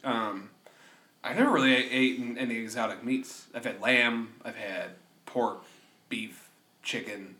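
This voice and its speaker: A man co-hosting a podcast, chatting casually in a loud, rowdy way and swearing. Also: medium pitch, fairly even intonation, measured pace, reverberant. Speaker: podcast co-host. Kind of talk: casual comedic chat.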